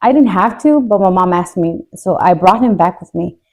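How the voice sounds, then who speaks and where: A young adult woman speaks in a mellow, warm voice with no edge. She tells a hard family story candidly, joking to cope and dropping her voice when tears come close. The delivery is casual and unscripted. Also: lowish voice, expressive, normal speed. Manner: candid, jokes to cope, voice drops when tearful. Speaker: podcast co-host.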